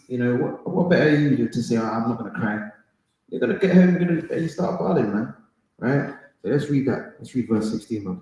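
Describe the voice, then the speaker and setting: A man leads a relaxed Bible study, pressing his points with conversational emphasis. His voice sits in a middle range and rings out in a very echoey room. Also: medium pitch. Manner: emphatic, conversational, says "man" and "right?" often. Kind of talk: casual Bible study teaching.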